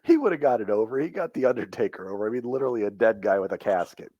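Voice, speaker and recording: Low voiced guy on a wrestling podcast, easygoing dry jokes, dry mic. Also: animated, fast, mellow, dry recording, muffled recording. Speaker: podcast co-host. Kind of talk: casual chat while watching wrestling.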